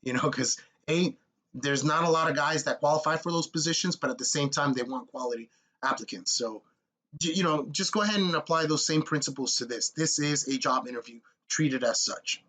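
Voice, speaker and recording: A young man giving blunt, energetic step-by-step advice as he walks viewers through an online job application. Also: a little high, brisk. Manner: blunt, energetic, coach-like, addresses viewers as guys. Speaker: military contracting advice vlogger. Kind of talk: casual screen-walkthrough tutorial.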